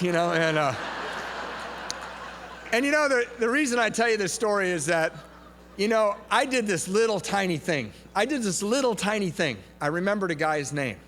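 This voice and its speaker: A man's voice: high voice, moderate pace. A man speaking at a recovery meeting, telling a personal story with laughter and acted-out voices. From United States. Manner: animated, laughing, acts out quoted voices. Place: large event hall. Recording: echoey hall recording with faint hum.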